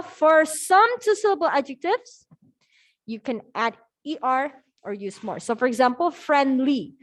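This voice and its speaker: Upbeat high-voiced woman teaching English. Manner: upbeat, checks in often with "okay?" and "all right?". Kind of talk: online class grammar lesson.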